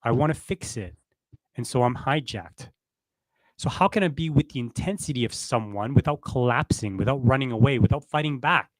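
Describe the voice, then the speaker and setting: A man co-hosts a relationship podcast, talking casually and reflectively, using everyday examples and checking in with "right?" His medium-pitched voice is animated at a normal speed, with no echo.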